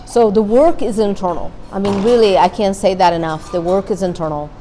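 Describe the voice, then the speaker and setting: A woman therapist, there as a guest speaker, gives an earnest, candid talk to a parent support group in a meeting room, repeating her key points. Her voice is medium-pitched, brisk and dark, on a low-quality recording with a slight hiss or hum.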